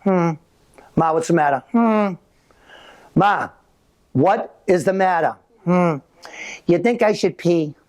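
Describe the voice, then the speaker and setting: A man's voice: high-pitched, animated, slow, long pauses, a little mellow. A man voicing his own elderly mother, a bossy and fretful old woman, scolding and fussing. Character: bossy old Boston mother, nagging and fussy.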